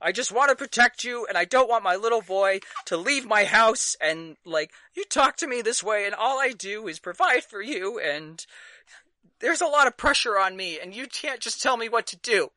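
A man's voice: expressive, normal speed, sharp tone, dry recording, full character voice. A man voicing a tearful, overprotective middle-aged mother who pleads between sobs in a tabletop game. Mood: distraught pleading. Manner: sobbing, pleading, high-strung.

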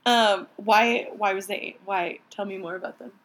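A playful woman from Michigan chats casually on a podcast. She laughs often and puts on little voices for quoted lines. Her voice sits at a middle pitch. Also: steady tone, normal speed, poor audio. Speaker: podcast co-host. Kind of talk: casual chat.

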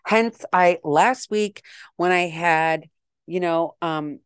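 A woman's voice: on the low side, slow pace, clean tone, no room sound. A middle-aged woman hosting her own podcast, rambling and self-deprecating in a casual monologue. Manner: chatty, rambling, self-deprecating, acts out quoted exchanges. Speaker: podcast host.

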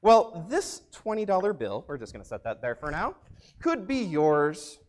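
Upbeat, animated young youth pastor man. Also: fairly high pitch, moderate pace. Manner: upbeat, energetic, animated storyteller. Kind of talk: youth sermon with storytelling.

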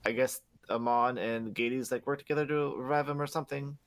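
A man's voice: medium pitch, fairly even intonation, a little fast. Rambling, cussing male podcast co-host. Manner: rambling, profane, many fillers. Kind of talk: casual game recap.

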